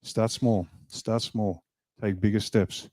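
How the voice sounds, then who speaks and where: A man delivering a rousing motivational speech to a hall, emphatic and full of asides. His voice is mellow and low-toned, and the sound is dry and close. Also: slow. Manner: emphatic, animated, jokes with the crowd. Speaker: party leader giving a speech. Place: event hall.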